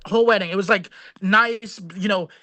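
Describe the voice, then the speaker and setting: Young male comic storyteller, high voice, dry booth sound. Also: fairly even intonation, normal speed, sharp tone, no room sound. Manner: rambling comic storyteller, acts out voices in his anecdotes. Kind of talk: casual storytelling.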